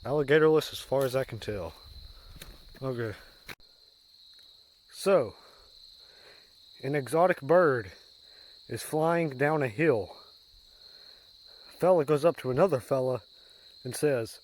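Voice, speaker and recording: A man telling pun jokes in a rambling, deadpan way while out on a walk, recorded on a phone outdoors. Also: medium pitch, slow, pauses often. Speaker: comedian. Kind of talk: casual joke-telling on a walk.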